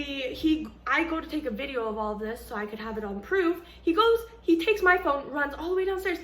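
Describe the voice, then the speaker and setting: High bright-voiced young woman vlogger. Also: a little hiss or hum. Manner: animated, slangy, quotes people in her own voice. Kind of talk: casual storytime. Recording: echoey room, faint ambience.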